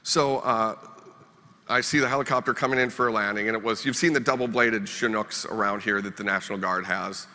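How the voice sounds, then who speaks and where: A man's voice: lowish voice, steady tone, quick pace, few pauses, pushed and bright. A man from Minnesota giving a storytelling keynote speech with wry, self-deprecating humor. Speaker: keynote speaker. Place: conference hall. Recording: reverberant conference hall.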